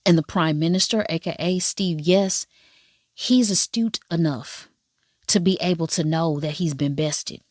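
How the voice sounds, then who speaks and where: Sassy low-voiced woman, dry sound. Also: a little slow, no room sound. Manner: animated, profane, sassy. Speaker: drama reviewer. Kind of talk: casual watch-along commentary.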